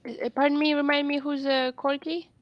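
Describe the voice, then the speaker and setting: A woman's voice: sits high, level tone, normal speed, muffled recording, faint music behind. A woman playing in a tabletop game, eager and rambling. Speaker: player. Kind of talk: tabletop role-play.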